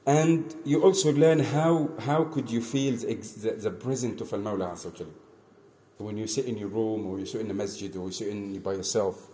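A man preaching an earnest lesson, repeating phrases and swinging between soft asides and emphatic calls. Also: fairly low pitch, fairly even intonation, brisk, a little hiss or hum. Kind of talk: mosque lesson, storytelling sermon.

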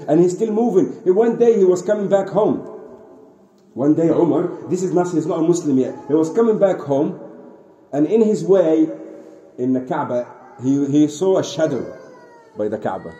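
Mellow-voiced man telling a religious story. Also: fairly high pitch, moderate pace. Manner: animated retelling, frequent restarts, sprinkled Arabic phrases. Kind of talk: informal religious lesson, storytelling. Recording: roomy echo, faint ambient noise.

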